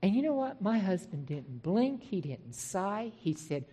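A middle-aged woman minister giving a personal testimony sermon, telling her story in an animated way and acting out remembered conversations. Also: medium pitch, unhurried, slightly rough. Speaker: Christian minister.

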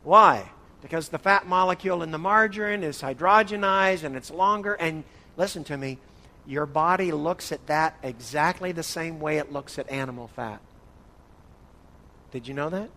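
A man's voice: a little high, moderate pace, bright, forceful tone. Playful male Bible teacher in a reverberant hall. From northern United States. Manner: playful, calls on listeners by name. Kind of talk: interactive church teaching session.

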